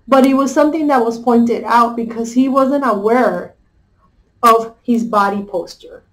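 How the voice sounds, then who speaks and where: A woman's voice: on the high side, unhurried, fairly bright tone, rough recording. A woman life coach retelling a children's story in a casual, conversational way, often checking in with her listeners.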